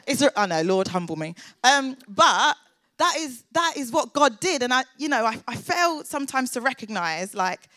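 A woman's voice: high-pitched, sing-song, moderate pace, pushed and bright, no echo. Earnest young woman giving testimony. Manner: earnest, chatty, lots of filler "like"s. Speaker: church worker sharing testimony. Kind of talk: personal faith testimony.

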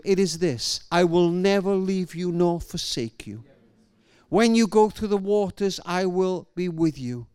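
A middle-aged man preaching a sermon, telling stories and swinging between raised and hushed delivery. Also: high-pitched, clear, resonant tone, no room sound. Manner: storytelling, swings from loud to hushed. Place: church hall or event venue.

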